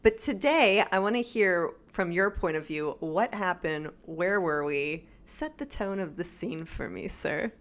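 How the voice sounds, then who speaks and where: A woman in her thirties co-hosting a casual show, lively and teasing as she chats with her husband. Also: fairly low pitch. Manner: lively, teasing, quick to laugh. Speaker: podcast co-host. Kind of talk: casual chat.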